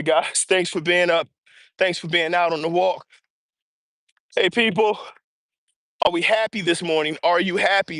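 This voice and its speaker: A male livestream host from the US East Coast chats energetically while out on an early-morning walk, greeting viewers by name. His high voice is breathy and he's audibly breathing hard as he moves. The earbuds or small mic give a dry, close recording.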